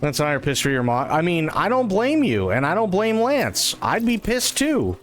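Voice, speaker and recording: A man's voice: sits high, wildly swooping pitch, normal speed, a little hiss or hum. A man ranting profanely in casual live-stream chat.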